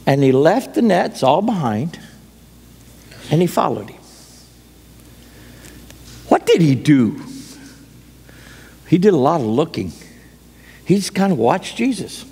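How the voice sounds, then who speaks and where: A man's voice: on the high side, big pitch swings, measured pace, creaky, long pauses, darkish tone, breathy edge. A man preaching a sermon in a folksy storytelling way, acting out the people in his stories. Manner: folksy storytelling, acts out quotes. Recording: long hall reverb.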